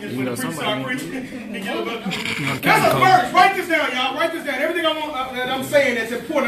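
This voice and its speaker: A man, giving an energetic, preachy motivational speech with call-and-response to students in a large hall. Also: very high voice. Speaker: motivational speaker. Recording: echoey hall from far off, chattering crowd.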